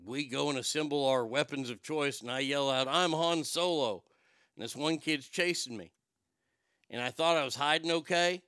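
A middle-aged man telling a long personal story in a profane, wisecracking way, with quick asides and voices for the people in it. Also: mid-range voice, pushed and bright, clear, resonant tone, no room sound, clean studio sound. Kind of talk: casual storytelling monologue.

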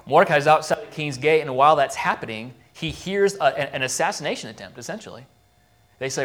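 A man's voice: a little high, lively intonation, fairly quick, a bit bright. A man preaching in a church, retelling a Bible story casually and acting out the quoted lines. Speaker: pastor. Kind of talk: sermon recap of a Bible story.

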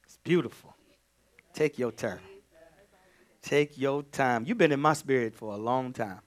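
A male pastor delivering a sermon, dropping to hushed whispers and then rising to shouted cries of praise. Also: mid-range voice, measured pace. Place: church sanctuary.

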